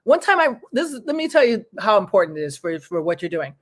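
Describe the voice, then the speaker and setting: A woman from New York hosting a talk show, telling personal stories in a rambling, lively way. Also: mid-range voice, fast. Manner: rambling, restarts sentences, lively retelling. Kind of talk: casual interview chat, personal storytelling.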